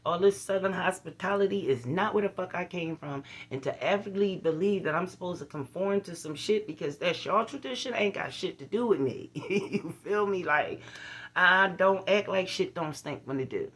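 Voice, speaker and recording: A woman's voice: lowish voice, normal speed, a bit bright, slightly rough. Blunt woman vlogging. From Philadelphia. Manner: earnest, blunt, preachy, with frequent "you feel what I'm saying" asides. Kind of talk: casual direct-to-camera vlog.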